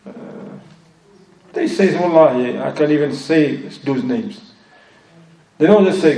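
A man's voice: fairly high pitch, a little slow, pauses often, warm tone. A man giving a religious lesson in English with a non-native accent, often switching into Arabic phrases and recitation. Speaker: Islamic teacher. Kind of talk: religious lesson explaining a text. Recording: echoey room, voice from far off.

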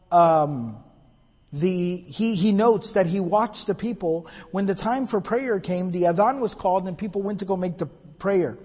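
Husky high-voiced man giving a sermon. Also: in a large hall. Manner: retells dialogue, switches between Arabic and English. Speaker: preacher. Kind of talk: sermon storytelling.

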